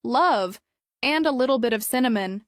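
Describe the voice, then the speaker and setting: Woman voicing a warm, cookie-baking neighbor lady. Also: a little high, animated, normal speed, dry recording, studio quality, natural voice. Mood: friendly. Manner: warm and kindly. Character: warm friendly female neighbor who bakes.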